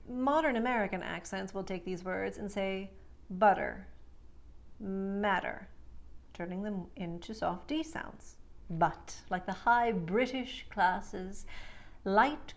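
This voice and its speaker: A woman speech coach talks through an accent lesson at an unhurried pace. Her voice carries a gravelly edge. She stretches out each example word so it can be heard clearly. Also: mid-range voice. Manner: slow, deliberate, drawn-out demonstration words. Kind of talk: accent lesson, demonstrating vowel and consonant sounds.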